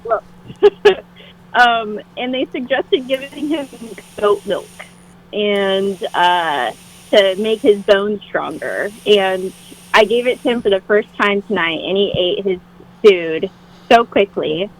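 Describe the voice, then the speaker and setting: A woman calling into an advice show, nervous and hesitant, with many pauses and ums. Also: medium pitch, expressive, low-quality recording. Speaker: caller. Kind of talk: hesitant call-in conversation.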